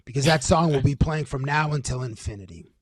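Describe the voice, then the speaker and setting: A man's voice: mid-range voice, brisk, slightly rough, no echo, clean studio sound. A man co-hosting a sports podcast, joking and mocking himself in casual chat. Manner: self-mocking, jokey. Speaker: podcast co-host.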